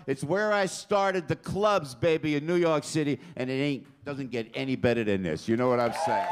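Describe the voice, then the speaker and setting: A brash, loud comedy show host in his 60s works the crowd from a packed comedy club stage, chatting with the audience during stand-up. His male voice sits fairly high, moving at a moderate, smooth pace with few pauses. The live club recording carries crowd noise.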